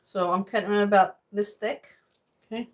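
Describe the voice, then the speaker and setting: A woman's voice: medium pitch, steady tone, moderate pace, noisy background. A middle-aged woman chatting casually on a livestream while cooking in her home kitchen, greeting viewers by name and wandering into rambling asides.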